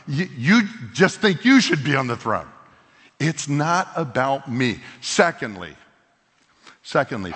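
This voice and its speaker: A man preaching a sermon as pastor, animated and conversational, leaning into quoted lines. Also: medium pitch. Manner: animated, acts out voices of biblical figures in quotes. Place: church sanctuary. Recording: long hall reverb.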